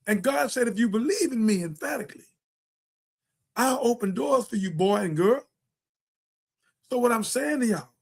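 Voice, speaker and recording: Man, high voice, preachy, emphatic, rambling, talk show host. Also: creaky, husky. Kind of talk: impassioned political monologue.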